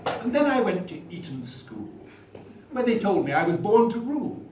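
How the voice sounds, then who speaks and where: A man's voice: high voice, big pitch swings, moderate pace, pitched above the performer's own voice. A man putting on a plummy posh boastful politician. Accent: upper-class English (Etonian). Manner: rhyming verse recital, plummy and boastful. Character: pompous posh male prime minister, boastful rake. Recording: roomy hall, far mic, noisy.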